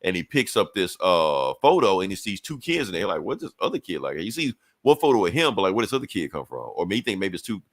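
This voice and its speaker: Low-voiced man telling a story loosely. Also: no room sound. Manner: animated, profane storytelling. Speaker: podcast co-host. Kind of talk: casual podcast chat, retelling a comic.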